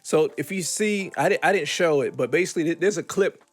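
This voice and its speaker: A man's voice: on the high side, brisk. A man hosting a casual commentary video, reacting loosely with slang and restarts. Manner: casual, talks through stumbles, uses "bro" and "yo". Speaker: host, commentator.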